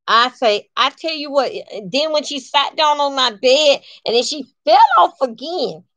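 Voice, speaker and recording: A woman telling a personal story in a casual, colloquial way, emphatic and animated, acting out what people said. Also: high voice, moderate pace, few pauses, dry recording. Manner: animated and emphatic, colloquial, acts out quoted lines.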